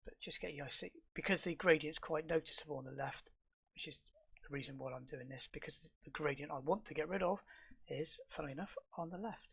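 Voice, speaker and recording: Middle-aged guy walking thru a software tutorial, husky raspy voice, kinda muffled mic. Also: a little high, fairly quick. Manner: relaxed step-by-step explaining with fillers and restarts. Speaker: astrophotography tutor. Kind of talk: screen-recorded software tutorial.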